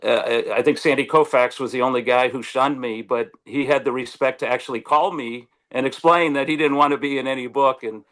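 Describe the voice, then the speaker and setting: A man chats over a video call, telling stories in a voice of ordinary middle pitch. He is animated and restarts his sentences often. He acts out the lines of the people in his stories. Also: brisk, hardly any pauses. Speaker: sportswriter guest. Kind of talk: casual storytelling on a video call.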